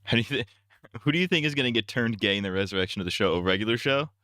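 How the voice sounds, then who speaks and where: A man's voice: on the low side, expressive, rapid-fire, pushed and bright, dry recording, studio quality. A man streaming and casually reacting to a video, with crude, mocking banter.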